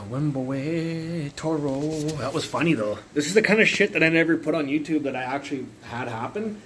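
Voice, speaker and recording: A man's voice: mid-range voice, lively intonation, fairly quick, hardly any pauses, a little hiss or hum, rough recording. A young man livestreaming from his phone, telling rambling stories in casual chat and swearing constantly. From Canada, Burnaby area. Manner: rambling, swears constantly, acts out loud yells in his anecdotes. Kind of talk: casual profane storytelling.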